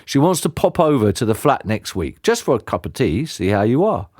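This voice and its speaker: A man's voice: medium pitch, very animated, a little fast, a little mellow, no echo, clean studio sound. A man reading aloud, voicing a cheeky, affectionate working-class dad who calls everyone mate.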